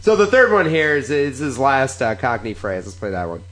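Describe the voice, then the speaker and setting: A man's voice: medium pitch, very animated, moderate pace, fairly bright tone. A man hosting a podcast, bantering crudely and reading slang sentences aloud with frequent laughs. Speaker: podcast host.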